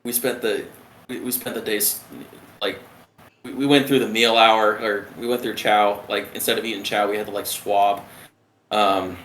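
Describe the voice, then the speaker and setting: Brief: male veteran guest, animated and profane storyteller, roomy echo. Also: lowish voice, normal speed, a little hiss or hum. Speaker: retired submariner guest. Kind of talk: casual storytelling.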